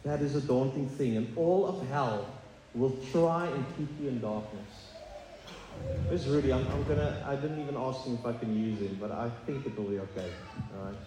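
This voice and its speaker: A man's voice: medium pitch, moderate pace, noisy background. A man preaching a sermon as pastor, earnest and confessional, often stumbling over fillers and restarts. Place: church sanctuary. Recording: echoey hall, faint ambience.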